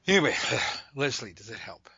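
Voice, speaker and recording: A man explains his tarot routine in a loose, joking ramble full of animated asides, as if chatting with friends at a table. His voice is bright and forceful. The sound is dry and close, with almost no room around it. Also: mid-range voice, moderate pace, husky, no room sound, highs cut off. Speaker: tarot reader teaching a method. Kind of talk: casual spoken demonstration.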